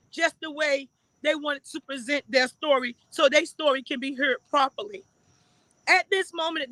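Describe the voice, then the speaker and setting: A woman's voice: high-pitched, pushed and bright, poor audio. A woman hosting a live news-style stream, speaking earnestly and stressing her points. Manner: earnest, emphatic, repeats key points. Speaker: livestream host and citizen reporter.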